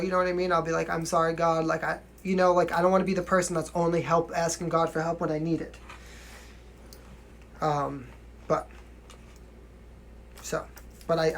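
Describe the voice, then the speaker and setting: A man's voice: high voice, creaky, slight background noise. Chatty young man, mild New York accent. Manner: chatty, frequent "you know what I mean", laughs often. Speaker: singer answering viewer questions. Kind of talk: casual livestream chat.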